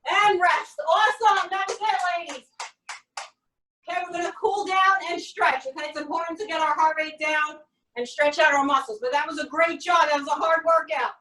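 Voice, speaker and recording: In an echoey home workout room, captured by a far-off microphone, a female coach counts reps and gives upbeat step-by-step instructions. Her high voice holds a steady tone at normal speed, bright and forceful.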